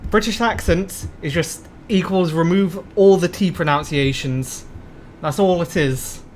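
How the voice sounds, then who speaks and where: A man's voice: high voice, measured pace, a little hiss or hum. A man streaming a bus-driving game, chatting casually and rambling as he answers viewer questions. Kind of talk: casual live-stream commentary.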